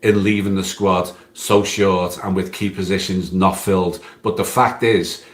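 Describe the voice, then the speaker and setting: A man with a low voice reads a prepared opinion piece at a steady, measured pace. The room around him is echoey, so his words ring a little. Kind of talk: scripted opinion read-out.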